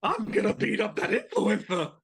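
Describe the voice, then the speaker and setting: A man's voice: high-pitched, wildly swooping pitch, moderate pace, vocal fry, a crowd in the background, pitched above the performer's own voice, exaggerated voice. Brash boxer, put on by a man, profane, boastful, threatening. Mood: belligerent. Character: brash foul-mouthed male boxer, impression.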